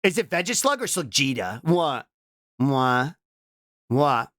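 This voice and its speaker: A young adult VTuber streamer chatting casually on a live reaction stream. They break into playful shouts and keep tossing out a questioning "what?". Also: medium pitch, very animated, slow pace, no room sound, studio quality. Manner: keeps repeating a questioning "what?" between remarks; stumbles and restarts mid-sentence.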